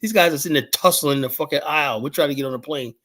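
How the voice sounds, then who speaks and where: An American man telling a story in casual conversation, his voice sitting a little higher than most men's. He swears often and acts out what people said to him. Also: racing. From United States. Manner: profane, animated storytelling with quoted voices. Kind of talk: casual chat.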